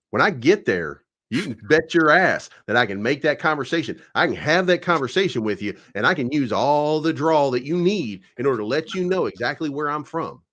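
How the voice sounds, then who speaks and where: A man's voice: mid-range voice, a bit bright. A man from Kentucky in casual debate, talking bluntly and profanely with lots of energy. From Kentucky, USA. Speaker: guest.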